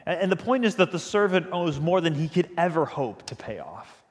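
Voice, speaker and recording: A man's voice: a little high, very animated, fairly quick. A male pastor giving a sermon in a conversational, emphatic storytelling manner. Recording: long reverb of a large hall.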